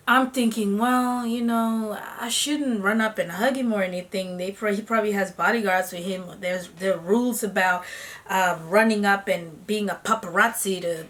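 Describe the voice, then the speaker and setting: A young woman from Africa telling a personal story to her vlog viewers, animated and chatty, calling them y'all. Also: medium pitch. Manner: animated, acts out her own squeals and gasps. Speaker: vlogger. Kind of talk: casual storytelling.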